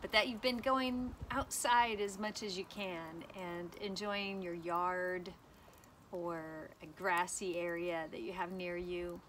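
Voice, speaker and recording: A woman's voice: lowish voice, fairly even intonation, slow pace, a bit bright, slight background noise. A woman teacher giving a cheerful, sing-song lesson to children outdoors by a fire pit, inviting them to repeat after her.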